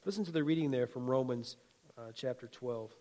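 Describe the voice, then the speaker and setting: A man's voice: mid-range voice, a little fast, warm tone. A man preaching a sermon as a pastor, talking in a folksy, conversational way with humor and asides, and building emphatic, rhythmic exhortations.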